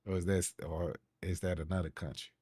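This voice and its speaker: Low-voiced man voicing game dialogue. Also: fairly even intonation, brisk, darkish tone, husky, no echo, studio quality. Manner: reads every character aloud, playful asides. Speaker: gaming YouTuber.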